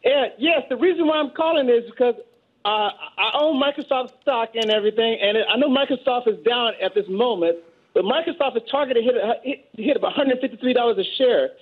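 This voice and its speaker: An eager man calls in over a tinny phone line, stumbling and repeating words. His voice is very high and husky for a man. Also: fairly quick. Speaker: caller. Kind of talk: phone-in question.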